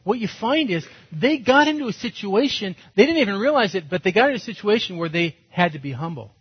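Male pastor, fairly high and husky, animated storyteller, lo-fi dull recording. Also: fast talker. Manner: animated, self-mocking, acts out quotes. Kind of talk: storytelling sermon. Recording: dull lo-fi sound.

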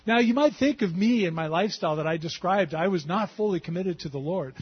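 A middle-aged man telling his personal faith testimony in a conversational, halting way, with fillers and restarts. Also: high voice, expressive, slightly rough. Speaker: Christian testimony speaker. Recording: dull lo-fi sound.

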